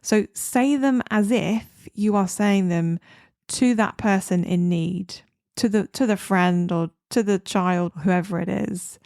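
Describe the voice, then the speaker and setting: A woman psychologist with an Australian accent giving calm, soothing advice on a podcast, sometimes slowing down to a whisper. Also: mid-range voice, vocal fry, dry recording, studio quality. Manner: calm, soothing, slows down and drops to a whisper on key words.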